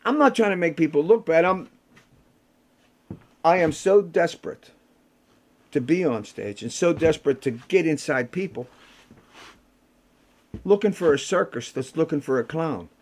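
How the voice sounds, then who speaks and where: Older guy, rock musician, kinda high voice, salty stage talk between songs. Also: animated, a little slow, long pauses, darkish tone. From Pittsburgh. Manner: salty, rough-edged storytelling. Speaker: rock musician performing a solo show.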